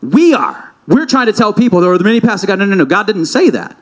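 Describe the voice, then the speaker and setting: High-voiced guy preaching a sermon, chatty, keeps asking the crowd stuff and restarting lines. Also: big pitch swings, fast. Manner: conversational, asks the congregation questions, many restarts. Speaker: pastor. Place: church hall before a congregation.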